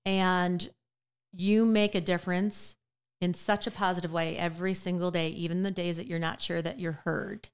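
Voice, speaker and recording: A woman guest on a podcast, a business and life coach, talking earnestly in a casual interview, slow and deliberate with many fillers. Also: on the low side, steady tone, smooth. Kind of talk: casual heartfelt interview chat.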